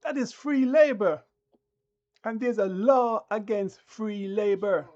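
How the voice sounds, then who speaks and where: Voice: medium pitch, takes it slowly, darkish tone, highs cut off. A channel host delivering a combative, preachy live-stream rant that talks down to the viewers.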